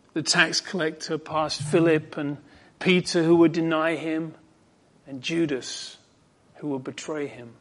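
Here a man gives a fervent, emphatic expository sermon, his delivery falling to quiet tones before rising to ringing force. He speaks at a fairly high pitch.

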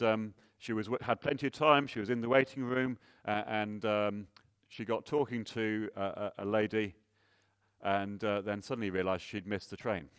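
A man preaches earnestly in a lowish voice, piling up rhetorical questions and frequently restarting phrases. He gets louder on key points and goes soft for emphasis, captured as clean studio sound with no echo and a clean tone.

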